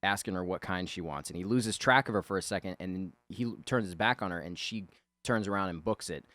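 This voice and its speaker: A man's voice: low-pitched, fairly quick, fairly bright tone, dry recording. A man rambling casually and profanely as he talks over his drawing, chuckling often. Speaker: artist talking over a drawing.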